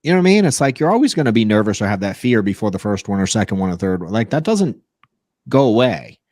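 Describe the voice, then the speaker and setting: Man host, easygoing slangy talk, lively pitch. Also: quick pace, dry recording, clean studio sound. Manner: relaxed, slangy, says "dude". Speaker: podcast host, sales coach. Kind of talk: casual podcast chat.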